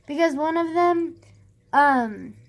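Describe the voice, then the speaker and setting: Her high-pitched voice moves at a slow pace as this young woman rambles through a story on a casual vlog. She says "like" constantly, swears, and acts out other people's lines in an animated retelling.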